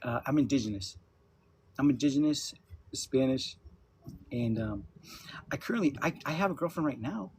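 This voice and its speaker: A man's voice: mid-range voice, moderate pace, long pauses, a little mellow, slight background noise. A man in his fifties hosting a casual livestream chat, laughing often and talking loosely with some swearing. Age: 50s. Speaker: livestream host. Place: at home with his dogs.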